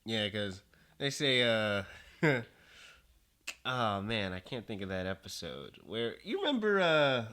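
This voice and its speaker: A man's voice: on the low side, big pitch swings, slow, sharp tone. A man as a podcast guest in casual chat, hesitant and rambling with many fillers.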